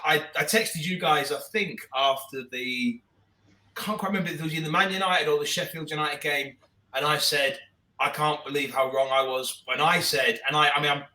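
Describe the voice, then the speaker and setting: A man's voice: on the high side, moderate pace, pushed and bright, roomy sound, far from the mic, poor audio. A man co-hosting a podcast, chatting about football in a rambling, enthusiastic way with many restarts. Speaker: podcast co-host. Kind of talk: casual football chat.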